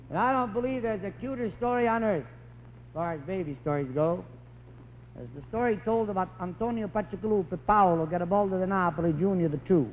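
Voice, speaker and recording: A man's voice: a little high, long reverb tail. A man telling rambling joke stories as a stand-up comedian on a telethon stage. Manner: wisecracking, rambling anecdotes. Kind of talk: stand-up storytelling. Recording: tinny 1950s broadcast recording, faint hiss.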